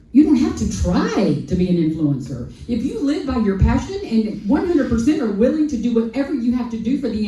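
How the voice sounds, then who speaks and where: A woman telling an animated personal story on a festival panel, acting out quoted dialogue and repeating lines for emphasis, heard from a distant mic. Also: on the high side. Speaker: sanctuary founder on a festival panel. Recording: echoey hall, voice from far off.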